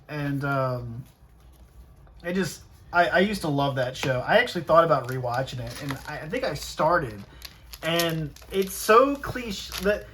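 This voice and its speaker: Casual rambling vlogger opening cards, mid pitch, faint background noise, lots of restarts. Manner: rambling, with frequent restarts and animated asides. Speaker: card-collecting vlogger.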